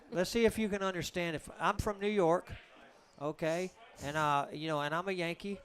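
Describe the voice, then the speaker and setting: A man's voice: sits high, fairly even intonation, normal speed, fairly bright tone. A man, commentating pool in a booth and joking through long stories. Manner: chatty, joking storyteller.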